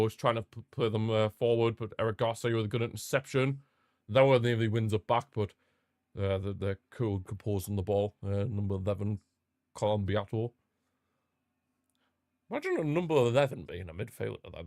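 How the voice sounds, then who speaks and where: A young man hosting a live football watchalong, chatting casually and repeating himself, with sudden bursts of excitement. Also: on the low side, vocal fry, dry recording, clean studio sound. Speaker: watchalong host. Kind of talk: casual live match commentary.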